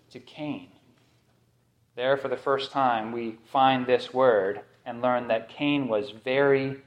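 A man preaching a sermon as pastor, emphatic and fond of repeating key phrases for effect. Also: medium pitch.

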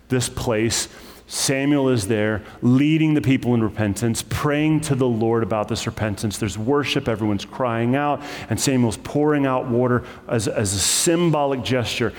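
A man's voice: mid-range voice, moderate pace, big-room sound. A man preaching as a pastor, conversational and full of asides, explaining scripture to his congregation. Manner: conversational, with asides and self-corrections. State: choked up with emotion. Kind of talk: sermon.

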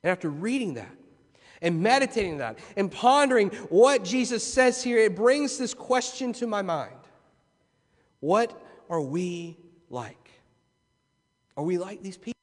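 A man's voice: high-pitched, lively intonation, measured pace, long reverb tail. A man preaching a sermon as pastor, repeating key phrases with rising intensity in a church. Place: church sanctuary.

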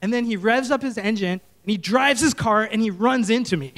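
A male pastor preaching and telling a story, animated and often correcting himself. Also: sits high, brisk. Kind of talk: sermon storytelling.

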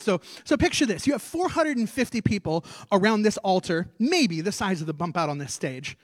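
A male pastor preaches from a church stage, telling scripture with lively gestures of voice and acting out the scenes. His voice sits high for a man. The sound is dry and close, with little room echo. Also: fairly quick, hardly any pauses. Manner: animated storytelling, acting out scripture. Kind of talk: sermon.

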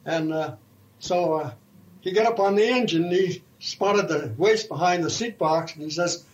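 An older man with a notably high voice recalls the old days in a slow, halting, folksy manner. He speaks as a retired railroad fireman spinning a long yarn for an oral history. The sound is dull and lo-fi, like an old tape recording. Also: slight background noise.

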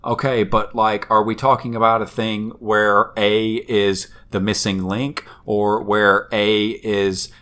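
A man's voice: lowish voice, slow, few pauses. A man co-hosting a podcast, retelling a cartoon episode in casual chat with wry, swearing humor. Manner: animated storytelling, wry and swearing. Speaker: podcast co-host.

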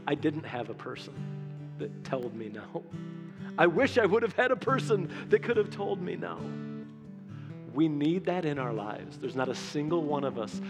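A man preaching a sermon in a conversational, animated way, acting out the quotes in his stories. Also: fairly high pitch, long reverb tail. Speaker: pastor.

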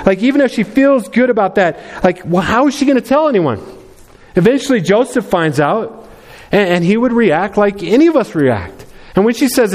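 Pastor, male, high-pitched voice, chatty sermon delivery with frequent restarts. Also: expressive, normal speed, a little mellow. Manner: conversational, with many restarts and repeated words.

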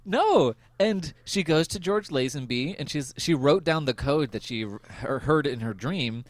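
Chatty man with a lively voice. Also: on the high side, normal speed, dry recording. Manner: chatty, laughs often, many fillers. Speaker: podcast host. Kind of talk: casual chat recapping a TV episode.

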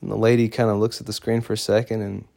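A man's voice: fairly low pitch, little pitch movement, fast, creaky, warm tone. A man casually telling a personal story, talking loosely with fillers and restarts.

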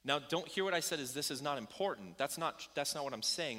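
A man's voice: mid-range voice, fairly quick, few pauses, pushed and bright. A man preaching a sermon to a congregation in a church hall, telling a story in a casual, conversational way with ums and likes. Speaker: pastor. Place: church hall with about ninety people.

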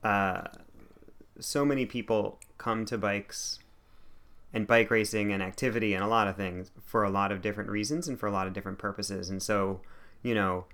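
Easygoing low-voiced male podcast co-host. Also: steady tone, normal speed, a bit bright. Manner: easygoing, supportive, hesitant fillers. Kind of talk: casual chat.

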